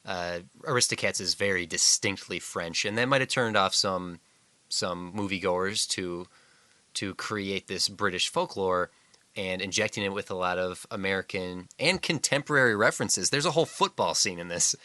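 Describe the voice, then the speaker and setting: A man with a low, forceful voice co-hosts a film podcast. He talks in a measured, analytical way. His voice is close and dry, with no room sound. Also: no room sound. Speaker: podcast co-host. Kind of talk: casual film discussion.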